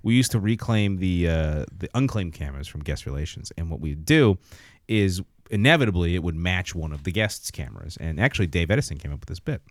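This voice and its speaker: A man who works as a voice actor, a podcast guest chatting casually and telling lively stories with many restarts. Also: low-pitched, brisk, no echo, clean studio sound. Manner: animated storyteller, many restarts and fillers.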